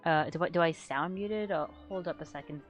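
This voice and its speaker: A woman chatting casually on a live stream, rambling and excitable, swearing freely and getting loud when worked up. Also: lowish voice, brisk, soft background music. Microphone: desk microphone she adjusts.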